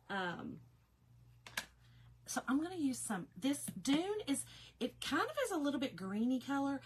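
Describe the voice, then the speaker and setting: A woman's voice: on the high side, sharp tone. A woman with a slightly nasal voice, chatting casually on a craft livestream and greeting viewers. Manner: chatty, emotional, reads viewer comments aloud.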